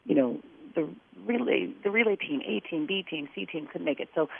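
A woman's voice: lowish voice, expressive, normal speed, gravelly, hardly any pauses, husky. A woman calling in as a guest on a casual chat, telling funny, self-deprecating stories. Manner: self-deprecating, laughing storyteller. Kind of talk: casual chat over the phone. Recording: tinny phone line.

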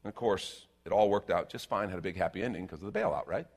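A man preaching a sermon in an animated, rhetorical way, with sarcastic asides. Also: low voice, quick pace, vocal fry, husky.

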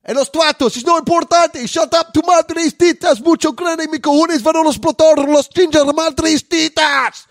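A man shouting crude mock-Spanish in a put-on voice, yelling toward a barking dog. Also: fairly even intonation, moderate pace, few pauses. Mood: ranting. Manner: yelling fake Spanish in a high strained voice.

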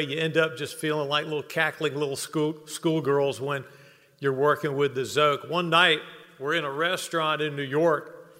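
Man telling funny stories at an induction, bright tone, echoing hall. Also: a little high. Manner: humorous storytelling, builds to earnest close. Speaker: speaker at hall of fame induction. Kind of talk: ceremony tribute speech with anecdotes. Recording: long reverb of a banquet hall.

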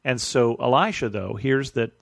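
A man reading a Bible passage aloud, then explaining it in a relaxed, conversational way as a study teacher. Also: medium pitch, normal speed, vocal fry, no room sound, clean studio sound. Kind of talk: scripture reading and teaching commentary.

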